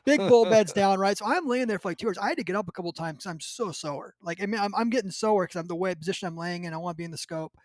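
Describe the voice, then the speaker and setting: This podcast host, a man with a high, light voice, tells a story in casual chat very fast with hardly any pauses, acting out people's lines and laughing often. The sound is dry and close, with no room sound at all.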